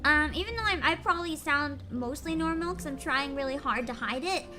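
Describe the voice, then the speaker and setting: A high-voiced woman streamer chats over a game, her voice swooping up and down as she talks. She is chatty and expressive and laughs easily between remarks, with loud game music running under her. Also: fairly quick. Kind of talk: casual gaming livestream chat. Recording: game music playing loudly behind.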